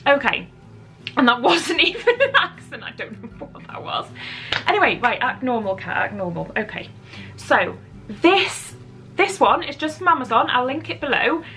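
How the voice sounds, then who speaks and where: Seated indoors at home, a woman talks through her beauty favourites to camera in a chatty, giggly, self-deprecating way. She has a high, pushed, bright voice with big pitch swings and a moderate pace, and soft music plays in the background.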